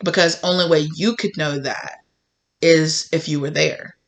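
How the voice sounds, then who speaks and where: A young woman giving a casual tarot reading, rambling and acting out imagined conversations with gasps and hushed asides. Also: sits low, fairly even intonation, measured pace. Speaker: tarot reader.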